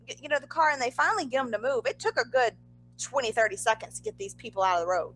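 A woman with a high, bright voice that swings widely in pitch as she tells a story in casual chat. She talks fast, piles on fillers and asides, and keeps things loose and conversational. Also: lively intonation, rough recording. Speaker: podcast co-host.

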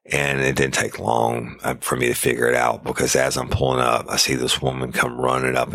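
Very deep gravelly storyteller man. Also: pushed and bright, dry recording, studio quality. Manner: blunt, profane, vivid storytelling with radio-code recall. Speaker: former sheriff's deputy telling a story. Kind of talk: casual storytelling.

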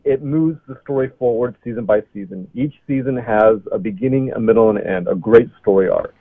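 A man's voice: medium pitch, a little fast, no room sound. A man calling in to a podcast, earnest and a little bashful. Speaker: caller. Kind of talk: casual chat. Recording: tinny phone line.

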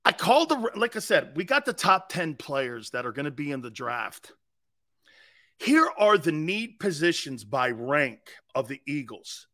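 A man's voice: fairly high pitch, big pitch swings, unhurried, sharp tone. A man hosting a live football talk show, blunt and mocking. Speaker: sports talk show host. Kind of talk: live sports radio talk.

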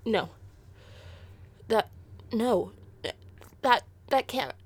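A woman's voice: fairly high pitch, extremely slow, slightly rough, voice pushed up, heavily acted. A woman voicing a young female adventurer who pleads in a flustered, stammering way. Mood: pleading.

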